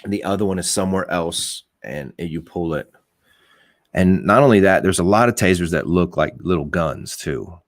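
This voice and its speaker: A middle-aged man with a very low voice talks bluntly in a loose, rambling way, often restarting his sentences and swearing as he makes his points. The sound is dry and close. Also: moderate pace, no echo. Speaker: podcast host. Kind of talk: casual opinionated talk.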